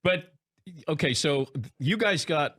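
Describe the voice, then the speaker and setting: Lively man chiming in as host. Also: fairly high pitch, takes it slowly. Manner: laughs and chimes in often. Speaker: podcast host. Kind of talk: casual chat.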